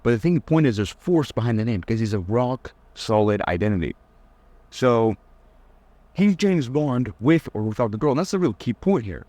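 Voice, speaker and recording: A man's voice: medium pitch, lively intonation, normal speed, dark tone, no room sound. A young man giving a casual, blunt dating-advice lecture, teasing his listeners and mocking them in whiny put-on voices.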